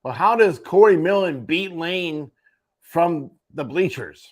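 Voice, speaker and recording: A man's voice: fairly high pitch, expressive, takes it slowly. A man hosting a morning sports show, running through junior hockey standings with wry offhand asides. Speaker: host. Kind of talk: sports radio rundown.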